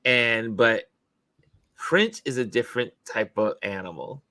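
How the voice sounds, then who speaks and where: A man's voice: mid-range voice, expressive, a little slow, pushed and bright, no echo. A man hosting a casual live stream, upbeat and chatty, laughing often as he greets viewers over a video call setup. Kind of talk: casual chat.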